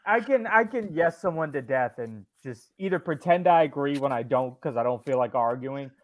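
A man co-hosting a casual comedy podcast, chatty and quick to laugh along. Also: medium pitch, lively intonation, no room sound. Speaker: podcast co-host.

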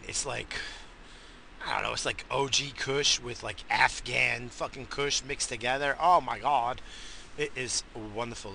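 A man hosting a casual rambling monologue, swinging from loud hyped shouts to low muttering, swearing often and coughing now and then. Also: gravelly, a little hiss or hum. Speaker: podcast host.

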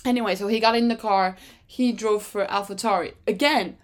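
A chatty woman podcaster, whose first language is French, talks in a brisk mid-range voice during a casual solo chat. She rambles and corrects herself, now and then leaping excitedly to a new thought.

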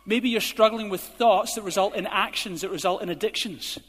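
A man preaching a sermon as a pastor, speaking emphatically and building to forceful urging. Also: high voice, normal speed. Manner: emphatic, rising to forceful exhortation. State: out of breath. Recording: hall reverb.

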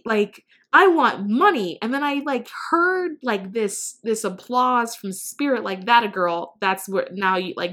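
Chatty woman telling a spiritual story. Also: a little high. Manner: chatty, animated, acts out quoted dialogue. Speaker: spiritual channeler. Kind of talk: casual storytelling to camera.

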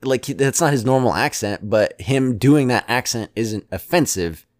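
A man co-hosting a casual chat, rambling and halting with many restarts and fillers, often chuckling. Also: medium pitch, lively intonation, darkish tone, dry recording, studio quality.

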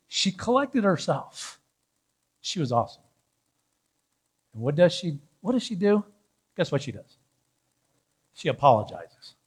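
Male pastor, higher register; playful, self-mocking sermon storyteller speaking in church. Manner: animated, joking personal storytelling with laughter.

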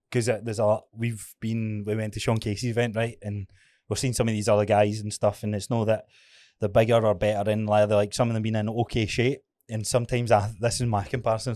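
A man's voice: fairly low pitch, level tone, a little fast, darkish tone, no room sound. A Scottish man in his thirties co-hosting a podcast in casual chat, jokey and often laughing. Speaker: podcast co-host.

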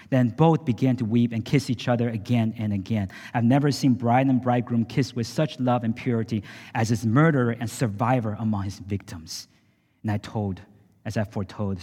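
A man preaching a sermon, reading a story aloud with dramatic emphasis and ending in prayer. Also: medium pitch. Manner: reads the story dramatically, rising loud for quoted speech. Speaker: pastor. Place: church sanctuary with long reverb. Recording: church hall reverb.

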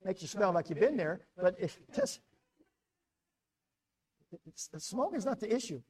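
A middle-aged American man, a pastor preaching a sermon, who repeats words and swings between loud and quiet for emphasis. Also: sits high, sing-song, a little slow, husky.

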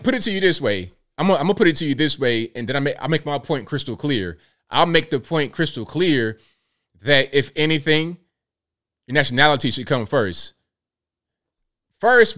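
A man's voice: medium pitch, fairly bright tone. A man with a Southern American accent hosts a solo political commentary stream. He talks emphatically, restating his points and throwing rhetorical questions at the audience in a mid-range voice. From United States. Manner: emphatic, repeats phrases, fires rhetorical questions at viewers.

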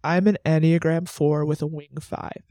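Earnest young man with a gravelly edge. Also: on the high side, little pitch movement, normal speed, warm tone, no room sound, studio quality. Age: 20s. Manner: earnest, emotional, chatty with many "like" asides. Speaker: podcast host. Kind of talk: faith podcast monologue.

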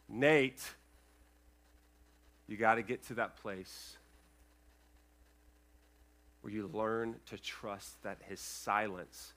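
A male pastor preaching a sermon to his congregation, earnest and emphatic, with loud peaks and quiet asides, checking in with the room. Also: lowish voice, level tone, slow, pauses often. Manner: addresses the congregation with checking questions. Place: church sanctuary, speaking over a sound system.

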